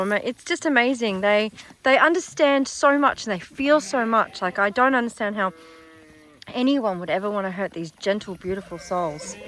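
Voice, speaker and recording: A middle-aged Australian woman vlogging her animal sanctuary outdoors on a phone, chatting warmly and cooing at the animals. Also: a little hiss or hum. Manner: chatty, affectionate, talks to the animals in a high baby voice. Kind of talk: casual vlog narration while filming. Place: outdoors on a farm, in paddocks with animals. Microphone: handheld phone camera, voice shifting closer and farther.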